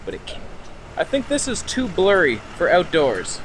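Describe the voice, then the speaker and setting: A man's voice: sits high, huge pitch swings, normal speed, a little hiss or hum. A man ranting sarcastically in a camera review vlog, swearing often, recorded outdoors.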